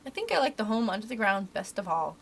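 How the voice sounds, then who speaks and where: A woman reading aloud, voicing a gentle, wistful grown-up mother in a storybook. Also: mid-range voice, big pitch swings, quick pace. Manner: soft, wistful, tender.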